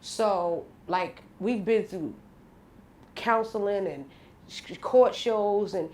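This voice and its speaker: A woman's voice: mid-range voice, slow, darkish tone, reverberant, slight background noise. A woman guest in a candid radio interview, telling a personal story bluntly and with slang.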